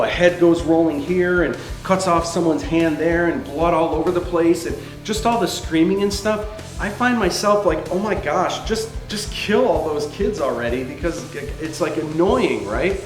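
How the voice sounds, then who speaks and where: Animated man teaching screenwriting. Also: a little high. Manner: animated, conversational. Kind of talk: instructional talk. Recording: roomy echo.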